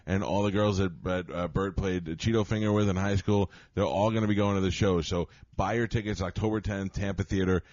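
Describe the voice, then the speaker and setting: A man's voice: low-pitched, steady tone, fairly quick, few pauses, darkish tone, dry recording, lo-fi sound. A man hosting a radio show, joking loosely and plugging upcoming events. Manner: loose, joking host patter. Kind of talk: casual banter and show plugs. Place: cruise ship cabin.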